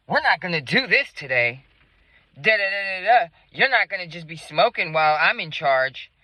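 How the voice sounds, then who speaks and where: A man's voice: sits high, big pitch swings, moderate pace, sharp tone, dry recording, pitched above the performer's own voice, full character voice. A man voicing a bossy female coworker who nags and scolds while in charge, in a mocking tone. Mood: scolding.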